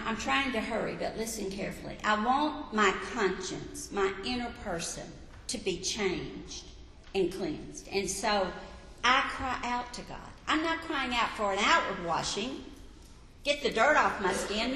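A woman preaching a sermon, emphatic, rising to loud peaks and telling listeners to write points down. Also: on the high side, slight background noise. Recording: echoey hall with long reverb.

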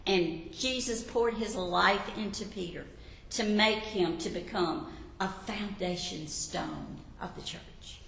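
Bright-voiced woman preaching in a hall. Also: medium pitch, slow, gravelly, a little hiss or hum. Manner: warm storytelling, asks the listeners questions. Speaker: Bible teacher. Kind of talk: sermon. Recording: echoey hall with long reverb.

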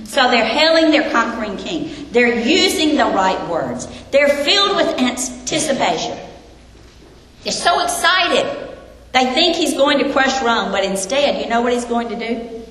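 Woman preacher, higher voice, emphatic with rhetorical questions, recorded in a reverberant hall with faint noise. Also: expressive, measured pace, fairly bright tone. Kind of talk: sermon.

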